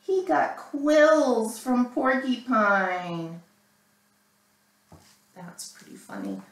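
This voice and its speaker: Librarian lady reading a kids book, slow and bouncy, echoey and far off. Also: on the high side. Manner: animated, asking listeners questions. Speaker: children's librarian. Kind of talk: reading a picture book aloud to children. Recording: roomy, mic at a distance.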